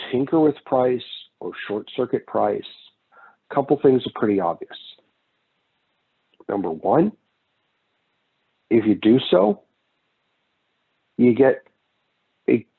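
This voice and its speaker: A man's voice: medium pitch, vocal fry, slightly rough, phone-quality sound. A man giving a casual recorded economics lecture, drifting into personal anecdotes. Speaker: economics instructor.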